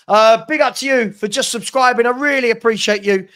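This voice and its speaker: A man's voice: extremely high pitch, a little fast, fairly bright tone. A young man hosting a live football watchalong from his home room, chatting casually and reading out viewer comments. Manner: chatty, reads out viewer comments, scolds a puppy. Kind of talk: casual live-stream chat.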